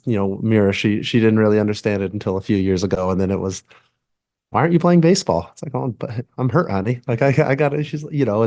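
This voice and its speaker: A man in his thirties, a pitcher answering reporters at a press conference, halting with many fillers and restarts. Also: a little mellow, no room sound, studio quality. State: tearing up. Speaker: baseball pitcher.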